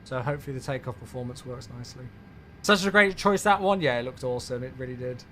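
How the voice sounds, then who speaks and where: A man's voice: mid-range voice, lively intonation, fast, a bit bright, slight background noise. A man streaming a flight simulator, chatting casually with viewers and greeting them by name as he reads back radio calls. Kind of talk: casual live-stream commentary.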